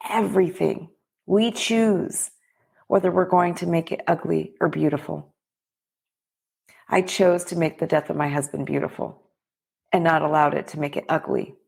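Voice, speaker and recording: Gravelly-voiced woman giving a heartfelt pep talk. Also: lowish voice, fairly even intonation, measured pace, darkish tone. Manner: heartfelt, preachy, direct address to listeners. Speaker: podcast host and business coach. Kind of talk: motivational talk.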